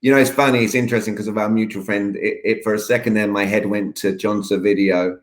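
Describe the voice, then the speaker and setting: A man's voice: on the low side, steady tone, quick pace. A man with an English accent, an upbeat, playful communications coach chatting as an interview guest. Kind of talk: casual interview chat. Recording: echoey room.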